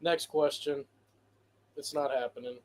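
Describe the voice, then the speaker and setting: A man's voice: medium pitch, steady tone, unhurried. A man co-hosting a wrestling podcast in casual chat, emphatic and theatrical, swearing freely. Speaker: podcast co-host.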